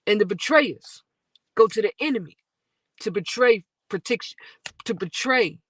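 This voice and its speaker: Guest poet, woman; rhythmic spoken word with a sung refrain, bright tone, dry sound. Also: mid-range voice, animated, husky, dry recording. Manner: rhythmic delivery, soaring sung hook, quick rapped verses.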